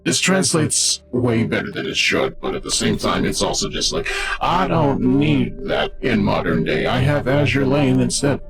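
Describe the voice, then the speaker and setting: A man's voice: medium pitch, very animated, moderate pace. A man streaming a card game, chatting casually with his chat in a rambling, jokey way. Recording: game music behind voice.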